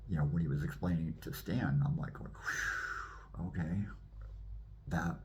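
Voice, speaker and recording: A man, a minister, telling his personal testimony in an animated way and acting out the scenes. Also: very deep voice, fast, a little hiss or hum.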